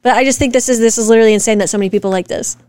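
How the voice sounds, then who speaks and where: A woman co-hosting a casual chat with her husband, talking in an animated, direct and profane way as she argues her point. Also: on the high side, rapid-fire, smooth, dry recording, studio quality. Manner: animated, direct and profane, rants with rising emphasis. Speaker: co-host, wife. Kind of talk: casual podcast chat reacting to comments.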